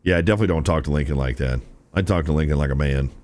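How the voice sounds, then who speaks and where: Racing along in a bass voice with a darkish tone, a young man streams a game live. He's relaxed and casual with his audience, frequently calling them "chat" and using "dude."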